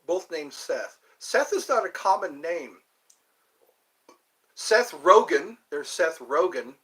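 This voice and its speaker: A man's voice: a little high, pushed and bright. A man hosting a casual livestream chat, rambling and thinking aloud as he digresses from one topic to the next. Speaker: host.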